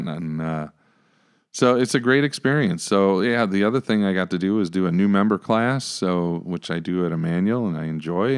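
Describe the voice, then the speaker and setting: A man, a pastor, telling stories in a relaxed podcast conversation, acting out his own reactions along the way. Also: low-pitched, clear, resonant tone. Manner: animated, acts out his own past reactions. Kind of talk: casual conversational storytelling.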